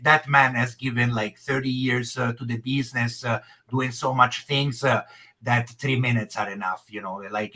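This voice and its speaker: A man talking haltingly in a casual podcast chat, with many pauses and fillers. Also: mid-range voice, sharp tone. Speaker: podcast co-host.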